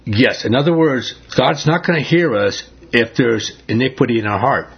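A man's voice: medium pitch, animated, normal speed, vocal fry, husky. A man leading an informal Bible study, asking his group questions and retelling scripture in everyday speech. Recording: muffled lo-fi recording.

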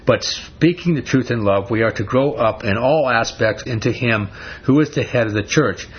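Man, Bible teacher, casual sermon, emphatic, breathy voice, dull recording. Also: medium pitch, normal speed. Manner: conversational, emphatic, frequent restarts. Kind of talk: informal Bible study sermon.

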